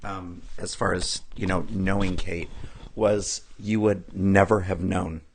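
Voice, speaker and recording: A man co-hosting a podcast, speaking quietly and hesitantly in casual conversation. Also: sits low, steady tone, slow pace, gravelly, a little hiss or hum.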